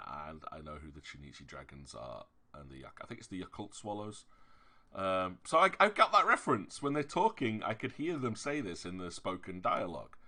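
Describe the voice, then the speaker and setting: Deep-voiced Yorkshire man, forceful and rambling. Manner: rambling, hesitant, corrects himself often. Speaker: streamer. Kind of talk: casual chat while streaming a game.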